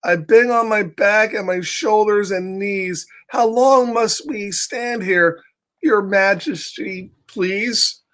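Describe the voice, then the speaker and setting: A man's voice: sits high, slow, fairly bright tone. A man voicing a tired, put-upon male turtle who pleads with his king, as he reads a storybook aloud. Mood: pleading.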